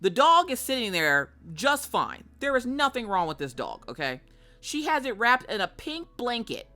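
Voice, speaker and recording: Lively, swearing woman telling a story. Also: on the high side, moderate pace. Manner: animated, swears freely, dramatic retelling. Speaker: streamer. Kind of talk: casual storytelling chat.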